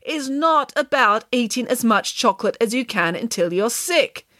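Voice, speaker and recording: A woman's voice: fairly high pitch, expressive, normal speed, fairly bright tone, no echo, clean studio sound, pitched above the performer's own voice. A grand, chocolate-mad nanny, as a woman reads her. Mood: proud. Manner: theatrical, grand announcements. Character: boastful, excitable female nanny who loves chocolate.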